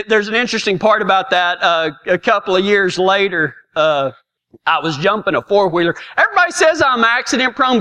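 High-voiced, folksy man. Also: bright, forceful tone. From Texas. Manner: folksy, self-mocking, laughs often. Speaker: storyteller. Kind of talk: comic personal anecdote.

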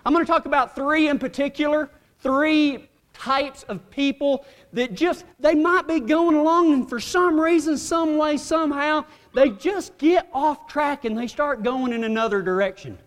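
A man's voice: very high-pitched, moderate pace, fairly bright tone. A man preaching a folksy, humorous sermon, telling a story with drawling asides and laughing along. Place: church hall. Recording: long hall reverb.

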